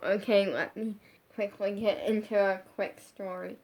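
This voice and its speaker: A woman talks straight to her followers in a casual storytime vlog from her bedroom. Her sentences wander and restart, padded with 'like' at every turn, at an ordinary mid pitch. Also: fairly even intonation, unhurried, a little mellow. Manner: rambling, heavy use of 'like', frequent restarts. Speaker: social media creator.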